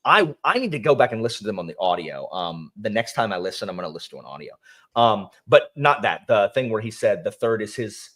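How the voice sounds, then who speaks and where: A man's voice: lowish voice, quick pace. Casual guy raving about a book series, trails off a lot. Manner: enthusiastic, animated, trailing off. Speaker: book discussion guest.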